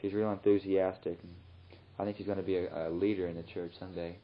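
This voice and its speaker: A young missionary man recording a rambling, relaxed spoken letter home in his flat. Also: low voice, quick pace, slight background noise. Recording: muffled old tape recording.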